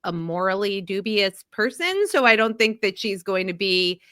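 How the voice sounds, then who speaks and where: This woman's smooth, mid-range voice runs at normal speed with clean studio sound and no room noise. Hosting a casual podcast, the mid-Atlantic American laughs readily and theorizes at length in an animated way.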